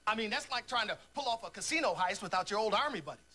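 A man's voice: sits high, lively intonation, sharp tone, exaggerated voice. An actor playing a brash, self-important male Secret Service agent who talks in blustery bursts. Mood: boastful. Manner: boastful, fast bursts of bluster.

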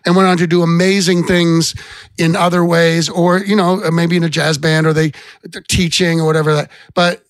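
A man's voice: fairly high pitch, level tone, normal speed, no room sound. A middle-aged man and songwriter telling rambling stories as a guest on a casual podcast. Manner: rambling anecdotes with restarts. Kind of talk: casual storytelling chat.

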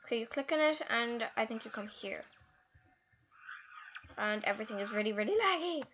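A high-pitched, bright female voice chattering through a game session, exclaiming and groaning as things go wrong. The recording is dull and lo-fi, with faint hiss and keyboard clicks behind her. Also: moderate pace. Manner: excitable, exclaiming, easily frustrated. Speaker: gaming channel host. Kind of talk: live gameplay commentary.

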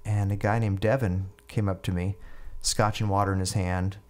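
Low-voiced middle-aged man telling stories. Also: little pitch movement, moderate pace. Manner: rambling, repeats and restarts words. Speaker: guest musician. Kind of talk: casual storytelling.

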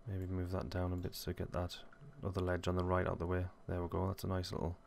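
Deep, flat-voiced man thinking aloud. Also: quick pace, creaky, a little hiss or hum. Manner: rambling, self-correcting, thinking aloud. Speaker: software tutorial host. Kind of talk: casual screen-recorded tutorial.

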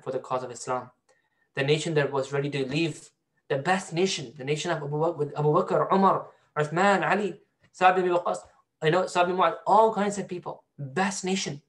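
A man's voice: a little high, steady tone, fairly quick. A male teacher giving a storytelling Quran lesson to a class, often asking students questions. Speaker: Islamic studies teacher.

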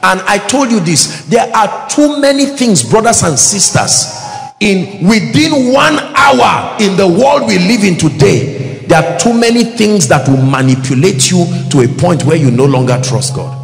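A man's voice: sits high, very animated, measured pace, vocal fry. A man with a Nigerian accent preaching a sermon in a large church hall, emphatic and rhythmic, asking the congregation to respond and sometimes breaking into song. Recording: echoey hall with music behind.

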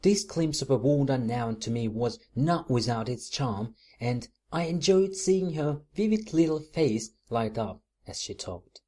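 A man narrating an audiobook in the first person, measured and composed. His voice sits at a middle pitch but moves expressively through each sentence. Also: animated, darkish tone.

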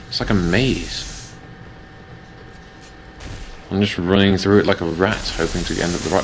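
Deep-voiced man rambling over gameplay. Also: fairly even intonation, a little slow, long pauses, noisy background. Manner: rambling, self-mocking, jokey. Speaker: let's play host. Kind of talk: casual gameplay commentary.

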